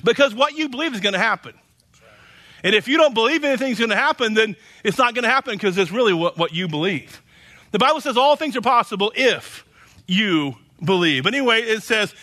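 A man's voice: very high voice, lively intonation, fairly quick, pushed and bright. A man preaching a sermon as pastor, emphatic and repetitive, often tossing in "you know".

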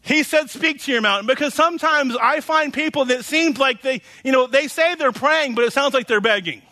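A man's voice: extremely high pitch, brisk, bright, forceful tone. A man preaching a sermon as pastor, emphatic and repetitive, often tossing in "you know".

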